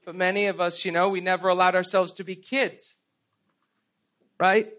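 Middle-aged guy preaching, high voice, laughs and trips over his words a bit. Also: fairly even intonation, moderate pace, pauses often, a bit bright. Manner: storytelling with self-deprecating laughs and repeated "and, and". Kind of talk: sermon.

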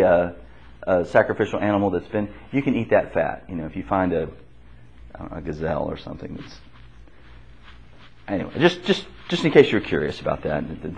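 Man teaching a lively Bible class. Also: fairly low pitch, breathy edge. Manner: asks the class questions and repeats their answers; conversational, with restarts. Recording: dull lo-fi classroom recording.

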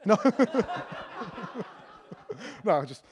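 A man with a notably high voice preaches a sermon as an evangelist. He keeps it casual and playful, laughing between points and stumbling through fillers and restarts as he goes. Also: sing-song, drawn-out words, a crowd in the background.

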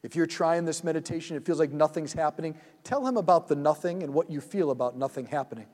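A man leading a guided prayer meditation in a church hall, speaking gently and soothingly and often dropping to a hush. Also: on the high side, fast.

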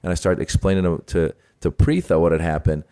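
A man with a very low, deep voice, talking in a relaxed way about family life. He animates his stories by acting out each quoted line. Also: a little fast, smooth. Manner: animated storyteller, acts out quotes. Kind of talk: casual storytelling chat.

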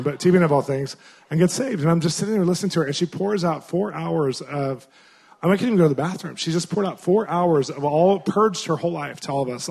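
Animated male preacher, higher voice. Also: breathy edge. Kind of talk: storytelling sermon.

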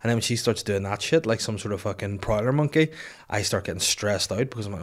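Man, 30s, podcast host, exhausted, low-voiced, foul-mouthed rambling storyteller. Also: lively intonation, quick pace. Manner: profane, rambling comic storytelling. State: tired. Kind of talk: casual solo podcast rant. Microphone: podcast microphone.

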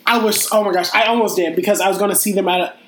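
A young man around twenty-one co-hosting a podcast, telling stories in excitable, giggly casual chat. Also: high-pitched, fast talker. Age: about 21. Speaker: podcast co-host. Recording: roomy echo, faint noise.

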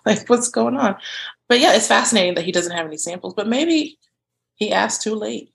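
A woman co-hosting a casual podcast, chatty and quick to laugh, with lively asides. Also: medium pitch, vocal fry. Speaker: podcast co-host.

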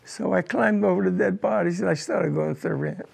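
Gravelly-voiced older man recalling war. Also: high voice, darkish tone. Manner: halting, repeats words while telling a painful memory. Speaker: war veteran recounting combat. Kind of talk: oral history interview.

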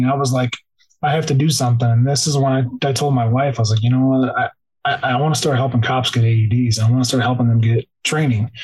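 Husky man telling a story, full of "like". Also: medium pitch, a little mellow, poor audio. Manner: heavy use of "like", restarts, tearful. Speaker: podcast guest, police officer. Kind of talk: emotional storytelling.

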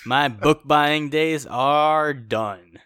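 A man's voice: on the high side, drawn-out words, fairly bright tone, clear, resonant tone, dry recording, studio quality. A young man co-hosting a podcast, chatting casually in a rambling, jokey way and laughing often. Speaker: podcast co-host. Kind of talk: casual chat.

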